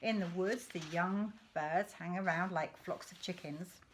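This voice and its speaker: A woman's voice: on the low side, a little slow, a little hiss or hum, close to an everyday voice. A woman voicing a mischievous storybook dad. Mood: scornful. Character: lively middle-aged English father, mischievous and conspiratorial. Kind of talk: read-aloud storybook dialogue.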